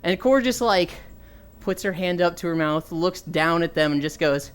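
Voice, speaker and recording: A woman's voice: fairly low pitch, normal speed, clean tone. A young woman livestreaming while walking, telling stories animatedly, swearing freely and reading chat aloud.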